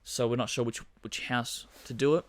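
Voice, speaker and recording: A man's voice: mid-range voice, fairly even intonation, moderate pace, no room sound. A young man, podcast co-host, chatting casually and telling his own work story with some swearing. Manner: laid-back, swears, backchannels often.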